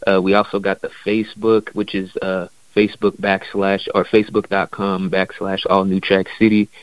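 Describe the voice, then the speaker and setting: A man's voice: lowish voice, no room sound, low-quality recording. A man guesting on an interview as a musician, talking in a laid-back, casual way with loose slang and lots of fillers.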